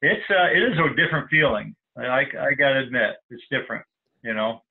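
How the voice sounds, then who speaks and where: Guest, man, mid voice, relaxed, tinny phone-line sound. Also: medium pitch, brisk, creaky. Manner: relaxed, agreeable, frequent short affirmations. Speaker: podcast guest. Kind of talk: casual chat.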